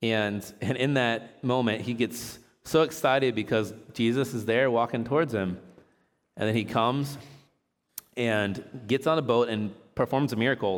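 A man giving a casual, chatty sermon, reading scripture aloud and joking with a laugh as he teaches. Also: medium pitch. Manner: relaxed, chatty, jokes and laughs while teaching. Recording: long hall reverb.

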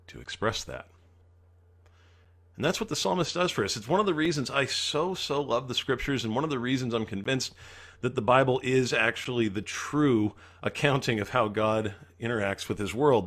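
A man's voice: medium pitch, a bit bright. Earnest male pastor preaching. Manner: earnest, dramatizes the psalmist's pleas. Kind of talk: sermon.

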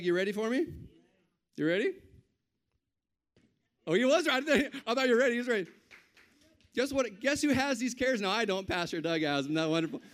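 Male pastor with a high voice; conversational sermon that swells into bold declarations.

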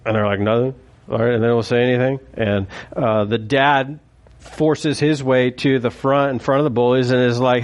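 A man's voice: mid-range voice, fairly even intonation, moderate pace. A man preaching a sermon in a conversational, joking way, acting out quotes as he goes. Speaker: pastor.

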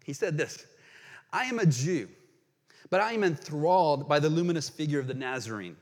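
A man preaching a sermon as pastor, earnest and emphatic, reading quotations aloud and pausing to explain them. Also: on the high side, lively intonation. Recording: long hall reverb.

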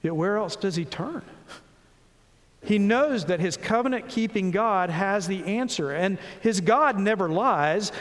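A man preaching a sermon, reading scripture slowly and earnestly, dropping low and soft between rising pleas. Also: animated, big-room sound. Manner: earnest, slows and rises on scripture, drops low and soft on pauses.

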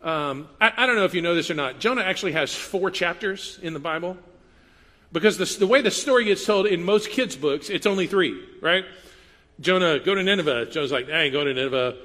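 A pastor delivers a sermon in a relaxed, conversational style, tossing in playful asides and putting on quoted voices. His high, bright voice is expressive and brisk, ringing with the long reverb of a large hall.

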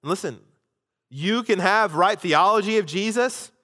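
A man's voice: high-pitched, moderate pace. Man preaching in a reverberant hall. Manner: dramatic swings between loud emphasis and hushed asides. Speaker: pastor. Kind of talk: sermon.

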